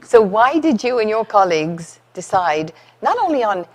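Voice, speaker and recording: Woman, tv host, interviewer, animated pitch, friendly manner, studio. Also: moderate pace. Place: community TV studio.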